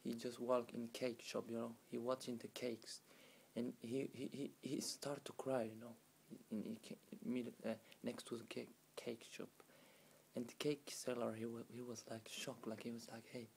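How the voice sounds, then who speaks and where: Halting, gravelly man telling a tale. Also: medium pitch, flat delivery, a little mellow, slight background noise. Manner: halting, with many restarts and "you know" fillers; non-native grammar. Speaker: storyteller. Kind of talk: casual folk tale telling.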